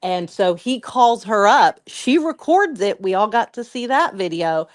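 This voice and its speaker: A woman's voice: medium pitch, sing-song, measured pace, dry recording, studio quality. A woman co-hosting a commentary podcast, retelling an online drama in a chatty, profane way with lots of "like.". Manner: chatty, profane, heavy use of "like". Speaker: podcast co-host. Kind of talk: casual commentary storytelling.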